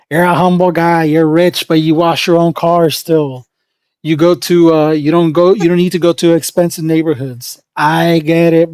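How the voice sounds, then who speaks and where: A woman's voice: deep voice, a little mellow, no room sound, studio quality. A woman livestreaming in casual chat, rambling and opinionated, with lots of fillers.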